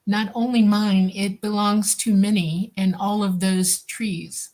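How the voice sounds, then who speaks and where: A woman under hypnosis, slowly describing visions in a halting way. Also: medium pitch, steady tone, darkish tone. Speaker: hypnosis client.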